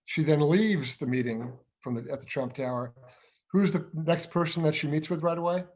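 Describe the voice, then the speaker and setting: Man, middle-aged, political talk co-host, firm explainer, rhetorical questions, slightly high voice. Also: normal speed, a little mellow. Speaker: co-host, investigations director. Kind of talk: political discussion show.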